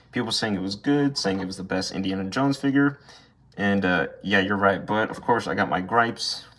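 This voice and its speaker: A young man with a slightly bright voice on the low side gives a casual, unscripted review of an action figure, with slight background noise. He rambles, swears freely and airs blunt complaints about the toy.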